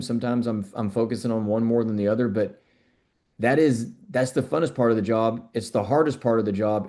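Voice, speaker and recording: Here a middle-aged man, a functional medicine doctor being interviewed as a guest, has a mellow, medium-pitched voice. The exchange is conversational, and he talks earnestly, circling back on words as he thinks.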